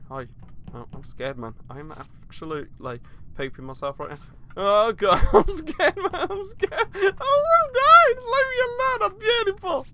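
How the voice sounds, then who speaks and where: A man's voice: on the high side, fairly bright tone, slight background noise. A young man giving nervous, jumpy live commentary over a video game. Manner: jumpy and nervous, frequent panicked outbursts. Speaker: gaming YouTuber.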